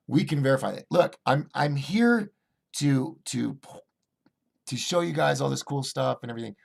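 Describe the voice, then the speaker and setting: A man hosting a casual livestream, reading viewer chat aloud and rambling through restarts and fillers, swinging between excited bursts and low asides. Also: creaky. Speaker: host of a call-in livestream show.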